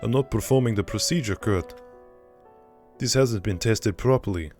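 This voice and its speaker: A man voicing a wary male doctor who keeps pushing back in a measured, uneasy tone. His voice is low and steady. He is a reluctant figure from a horror game. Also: soft background music. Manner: cautious, objecting.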